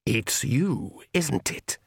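A man's voice: medium pitch, expressive, very slow, creaky, breathy edge, no room sound, clean studio sound, full character voice. A man reading an audiobook, voicing a pompous male vampire father who speaks stiffly and formally, exasperated. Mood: accusing.

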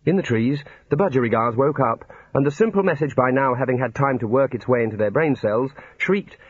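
In a dry storytelling style, a man narrates a comic fantasy novel as an audiobook reader. His voice is mid-range, husky and fairly quick. The scripted narration sits in a dry, dull lo-fi recording.

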